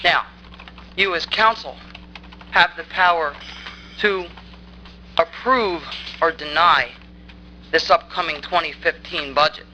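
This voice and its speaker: A woman stands at a town council meeting and tears into the council, angry, accusing and insistent. Her voice is sharp and strained with force throughout. A faint hiss sits under the recording. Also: low voice, slow, long pauses, highs cut off. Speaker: resident speaking at public comment. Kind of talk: public comment at a council meeting.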